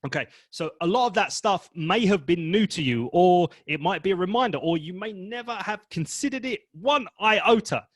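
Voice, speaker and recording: A man giving a webinar training talk as a presentation coach, expressive and demonstrating emotions vividly. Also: high-pitched, normal speed, hardly any pauses, no room sound, studio quality.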